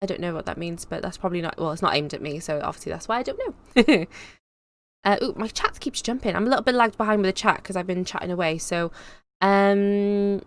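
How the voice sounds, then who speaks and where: A woman's voice: mid-range voice, brisk. A young woman hosting a casual live stream, reading out chat comments and rambling cheerfully with lots of fillers. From England. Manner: chatty, bubbly, rambling with fillers. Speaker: YouTube host.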